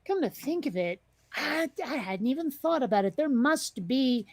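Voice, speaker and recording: Rambling chat-show host, woman, fairly high voice, dry close mic. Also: animated, moderate pace, dry recording. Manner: chatty, rambling, many fillers and restarts. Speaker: podcast host. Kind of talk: casual chat.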